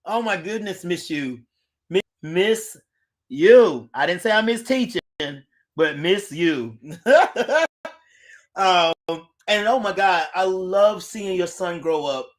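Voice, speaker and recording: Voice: medium pitch, animated, slow pace. An adult host chatting casually on a live stream, greeting viewers by name and reading their comments aloud, recorded on a phone.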